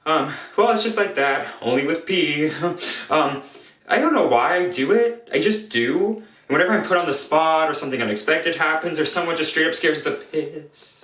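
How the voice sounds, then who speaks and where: A man's voice: a little high, pushed and bright, far from the mic. An actor playing a nervous, jittery young man who hesitates with frequent ums. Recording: roomy, from the mic.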